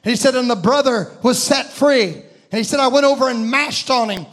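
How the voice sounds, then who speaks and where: A man preaching a sermon, retelling a vision with impassioned, shouted peaks and slow, drawn-out phrases. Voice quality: high, ringing voice that rises into shouts.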